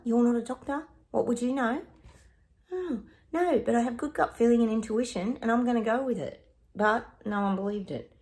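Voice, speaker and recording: A woman's voice: on the high side, a little mellow. A woman psychic chatting casually to her viewers while pulling oracle cards, talking in an exclamatory way and often addressing them directly. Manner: chatty, exclamatory, talks straight to viewers as "guys". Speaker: psychic doing oracle card readings. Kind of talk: casual chat to viewers with card pulls.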